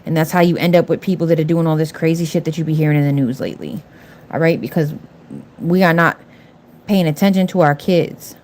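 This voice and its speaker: A woman's voice: sits low, fairly even intonation, brisk, a little mellow, a little hiss or hum. A middle-aged woman doing nails on a livestream, talking casually and bluntly, sassing viewers in the chat. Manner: blunt, sassy, talks back to chat viewers. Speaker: nail artist livestreaming.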